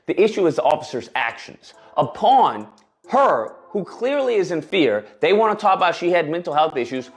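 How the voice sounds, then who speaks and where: Animated, indignant male commentator. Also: high voice. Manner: emphatic, indignant, repeats for emphasis. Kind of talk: reaction commentary.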